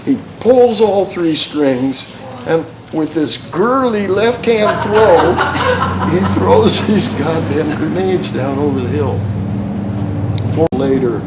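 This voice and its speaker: A man's voice: a little high, heavy background noise. An older man telling war stories at a talk, folksy and profane, often breaking into laughter. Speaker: speaker, war veteran. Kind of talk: storytelling talk. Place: theater school hall. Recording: roomy hall with faint ambience.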